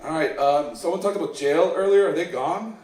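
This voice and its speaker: A man from Iceland rambles through open mic stand-up in a self-deprecating way, slipping into other people's voices as he tells the story. His voice sits a little high, and he is caught from a distance in a roomy, echoing space. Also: a little fast, darkish tone. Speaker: stand-up comedian. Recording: echoey room recorded from a distance. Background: audience laughter.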